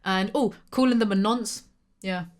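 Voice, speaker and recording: A woman's voice: mid-range voice, normal speed. A young English woman with a London accent, co-hosting a casual podcast, blunt, sweary and teasing, laughing often. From England. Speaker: podcast co-host.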